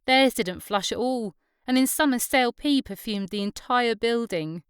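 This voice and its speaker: A woman doing a bold young local woman who rattles on in a brash, lively way. Her voice is higher and louder than the reader's own and stays smooth and clear. It is recorded close and dry. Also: normal speed, no echo, natural voice. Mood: storytelling.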